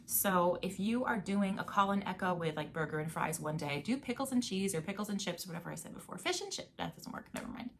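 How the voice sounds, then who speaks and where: A woman's voice: on the low side, fast talker, vocal fry, hardly any pauses, slight background noise. Upbeat woman music teacher. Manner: chatty and upbeat, chanting rhythm words. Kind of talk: casual video lesson.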